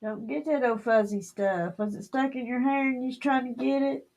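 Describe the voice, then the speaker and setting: A woman's voice: sits high, fairly even intonation, moderate pace, a little mellow, no echo. A woman, chatting casually with viewers on a livestream and rambling on in her dialect. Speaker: livestream host.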